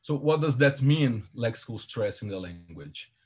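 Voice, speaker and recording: A man presenting a linguistics seminar over a video call, his pitch sitting in an ordinary middle register. He talks through each slide carefully and methodically, in a calm explanatory tone. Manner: explains slides step by step in measured academic tone.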